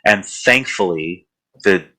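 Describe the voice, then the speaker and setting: A man's voice: low voice, animated, takes it slowly, sharp tone, rough recording. A man co-hosting a horror podcast, retelling a film plot in a rambling, casual way full of fillers. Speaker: podcast co-host.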